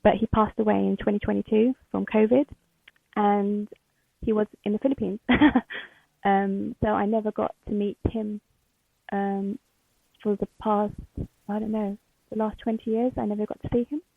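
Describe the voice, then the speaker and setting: A woman guest speaking candidly and emotionally, halting often with fillers. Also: mid-range voice, little pitch movement, vocal fry, dry recording. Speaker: podcast guest. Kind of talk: candid interview. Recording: tinny phone-like line.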